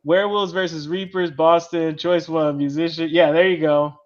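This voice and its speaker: A man's voice: a little high, steady tone, moderate pace, lo-fi sound. A man hosting a casual panel chat about writing comics, explaining step by step and tagging "right?" onto his points. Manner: chatty, explains step by step, keeps adding "right?". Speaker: show host and comic writer.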